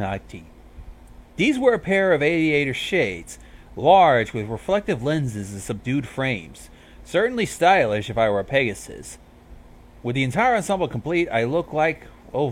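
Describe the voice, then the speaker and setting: A man reading a fan fiction story aloud, casual with wry asides. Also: mid-range voice. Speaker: reader.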